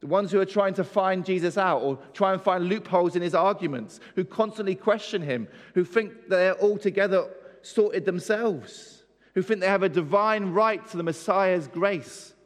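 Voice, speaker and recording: A man delivers a sermon with a fairly high voice, his words ringing through a long hall reverb. He drives each point home with rhetorical questions and emphatic repetition. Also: normal speed. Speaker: preacher.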